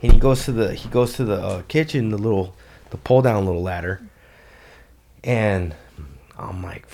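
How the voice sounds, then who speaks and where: A man telling a story in a loose, profane, animated way as a podcast guest. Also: on the low side, moderate pace, a little hiss or hum. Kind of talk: casual storytelling.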